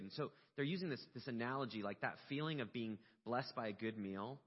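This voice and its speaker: Pastor preaching in a reverberant hall. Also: male voice, medium pitch, fast, few pauses, slightly rough. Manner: storytelling, animated and emotional at peaks. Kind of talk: sermon. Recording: dull lo-fi sound with long hall reverb.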